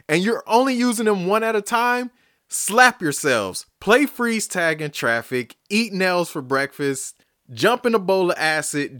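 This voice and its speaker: A man hosting a solo podcast, ranting angrily and profanely, swinging between shouting and muttering. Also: high voice, dry recording, studio quality. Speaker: podcast host.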